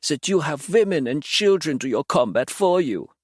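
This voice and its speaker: A man voicing an arrogant male demon fighter who snarls and shouts his threats. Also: on the high side, lively intonation, normal speed, breathy edge, no echo, studio quality. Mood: snarling.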